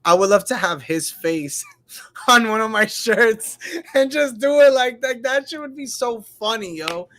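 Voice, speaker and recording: Excitable high-voiced man laughing. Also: measured pace, no echo. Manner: laughs a lot, excitable, swears. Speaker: podcast host. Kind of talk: casual live-stream chat. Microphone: headphones and computer mic.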